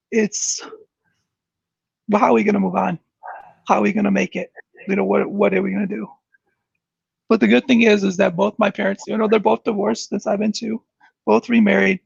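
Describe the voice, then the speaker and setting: A man's voice: creaky, breathy edge, no room sound. A man speaking earnestly as an interview guest, searching for words and restarting often. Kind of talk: reflective interview talk. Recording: dull muffled low-fidelity sound.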